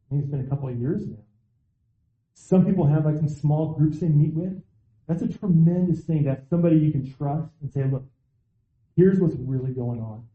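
A man preaching a sermon in a relaxed, conversational way, acting out the voices of people he quotes. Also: a little high. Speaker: pastor. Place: church. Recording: echoey, tinny phone-like sound.

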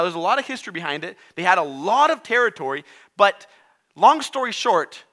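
A man whose first language is not English preaches a sermon in a high-pitched voice. He tells the story with animation and acts out its characters.

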